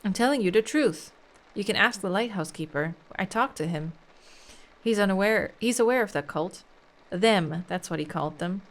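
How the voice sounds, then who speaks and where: A woman's voice: mid-range voice, lively intonation, moderate pace, lightly acted. A woman voicing an earnest young Englishman who insists he is telling the truth, reading game dialogue aloud. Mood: insistent. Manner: insistent, defensive.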